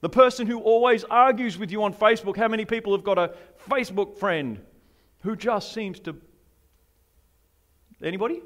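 A man delivers a sermon in a light, high voice. His preaching is humorous and conversational, with asides and questions aimed at his listeners. He keeps the tone easygoing as he speaks. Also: normal speed, pauses often, fairly bright tone. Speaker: pastor.

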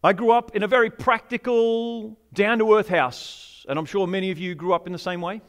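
A man delivers a sermon in a light, high voice. His preaching is humorous and conversational, with asides and questions aimed at his listeners. He keeps the tone easygoing as he speaks. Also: steady tone, normal speed, a bit bright. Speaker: pastor.

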